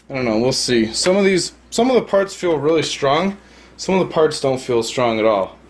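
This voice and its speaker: A man talks through a setup at home in a casual demo, recorded on a phone he holds in one hand. His voice sits in a mid range and he rambles with fillers and quick corrections. A faint hiss runs under the recording. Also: medium pitch. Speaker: product reviewer. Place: at home beside a fish tank. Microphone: handheld phone.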